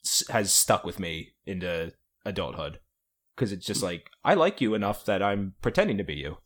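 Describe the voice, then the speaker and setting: A man's voice: low-pitched, sing-song, normal speed. A man co-hosting a podcast, speaking casually and hesitantly with many fillers. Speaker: podcast co-host. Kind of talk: casual chat.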